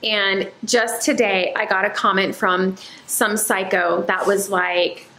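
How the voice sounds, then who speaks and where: A woman's voice: mid-range voice, slow pace. Chatty woman vlogger, echoey room. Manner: chatty, animated storyteller. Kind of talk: casual vlog chat.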